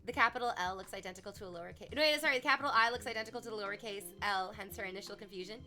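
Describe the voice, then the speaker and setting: Bright-voiced, animated woman streamer. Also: mid-range voice, racing, faint music behind. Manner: animated, swears freely, swings between soft reflection and loud emphasis. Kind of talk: casual chat on stream.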